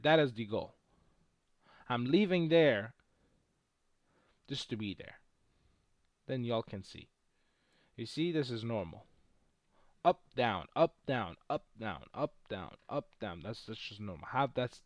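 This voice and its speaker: Man, casual livestream chat, boastful, cursing, lively pitch, dry sound. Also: no echo. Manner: brash and boastful, swears freely. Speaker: livestream host trading stocks. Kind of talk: casual live-stream chat.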